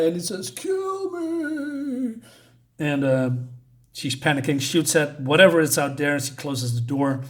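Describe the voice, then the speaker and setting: A man's voice: a little high, darkish tone. Hesitant man recapping a comic. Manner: hesitant, many fillers. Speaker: comic reviewer.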